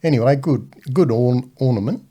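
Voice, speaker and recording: An older man with an Australian accent telling stories as a podcast guest, animated and laughing as he spins a yarn. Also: mid-range voice, moderate pace. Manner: animated yarn-spinner who laughs at his own stories. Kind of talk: casual storytelling.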